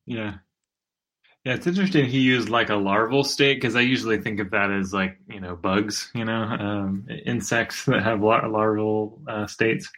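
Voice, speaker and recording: A man with a lower voice co-hosts a casual podcast. He talks in a laid-back, hesitant way, with frequent ums and short agreeing replies. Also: fairly even intonation, normal speed, fairly bright tone. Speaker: podcast co-host. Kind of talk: casual chat about a video game.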